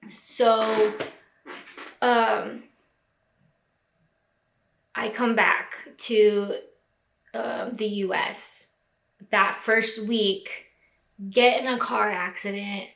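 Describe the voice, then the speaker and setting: Tearful young woman, bright echoey voice. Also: mid-range voice, steady tone, very slow, creaky, long pauses. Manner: tearful, lots of "like" fillers. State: crying. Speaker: vlogger. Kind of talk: emotional personal vlog. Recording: echoey room.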